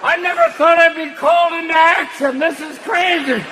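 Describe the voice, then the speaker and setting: A man's voice: very high voice, steady tone, moderate pace, voice pushed up. A man voicing tired old male sperm cells that grumble as they struggle along. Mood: grumbling. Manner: grumbling, shouted. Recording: live show with crowd and noise.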